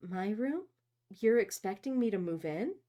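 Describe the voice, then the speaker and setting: A woman's voice: medium pitch, very animated, unhurried, warm tone. A woman reading the lines of a wary, unsure young woman. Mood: disbelieving.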